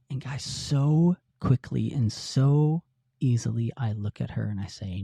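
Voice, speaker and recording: A middle-aged man hosting a podcast, telling a personal story in an earnest, halting way with many restarts. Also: mid-range voice, gravelly, warm tone, husky, dry recording, studio quality. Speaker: podcast host.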